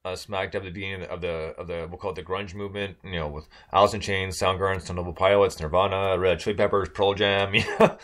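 A man's voice: low-pitched, fairly even intonation, quick pace, hardly any pauses, a bit bright. A man from Michigan telling a casual story on a podcast, rambling with many fillers and restarts.

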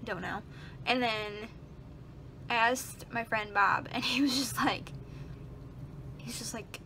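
A woman's voice: a little high, fairly even intonation, a little slow, long pauses, sharp tone, slight background noise. A young woman, a college student, rambling through an exasperated casual vlog at home and swearing freely. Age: young adult. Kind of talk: casual chat.

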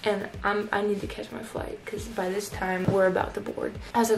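A woman's voice: medium pitch, level tone, brisk, vocal fry, noisy background. A young woman telling a personal story in a casual vlog, chatty and full of "like" fillers. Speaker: YouTuber.

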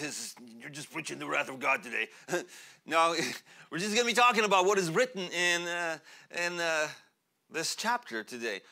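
A young man born in Russia, a pastor preaching a sermon in a church, animated and chatty, laughing often and using many fillers. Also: high-pitched. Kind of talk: sermon with personal storytelling. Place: church sanctuary.

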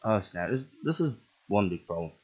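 Male gameplay commentator, slightly low voice, excitable and giggly, recorded on a dull lo-fi mic. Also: moderate pace, breathy edge. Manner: excitable, laughs often, bursts into yelps. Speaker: gaming channel host.

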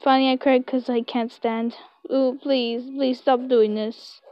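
A young woman reading a web story aloud in slow, halting English, recorded on a close, dry home mic. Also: high voice, flat delivery, clear, resonant tone, no room sound, dull audio. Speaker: story reader.

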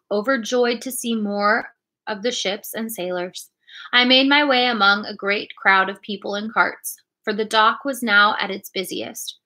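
A woman reading a classic adventure storybook aloud in a clear, expressive storytelling manner. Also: a little high. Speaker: reader.

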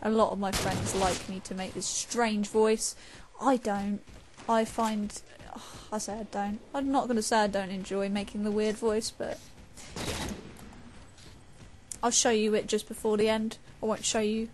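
A woman's voice: mid-range voice, flat delivery, normal speed, a little mellow, a little hiss or hum. A young woman, chatting casually and raging while she plays a shooter game. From England. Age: young adult. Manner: chatty, swears and rages at the game. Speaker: gamer. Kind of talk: casual gameplay commentary.

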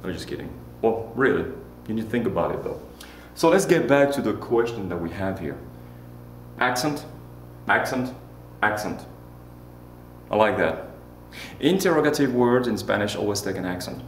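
A man's voice: lowish voice, big pitch swings, brisk. Guy teaching a class, jokey, keeps saying repeat after me, bit of room echo. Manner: playful, joking, drills with repeat-after-me. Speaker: Spanish teacher. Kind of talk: classroom lesson. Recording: roomy echo with faint hum.

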